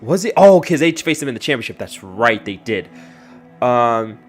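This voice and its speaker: A man's voice: medium pitch, very animated, normal speed, soft background music. A man hosting a casual sports podcast, asking the questions, laughing often and stumbling over repeated words.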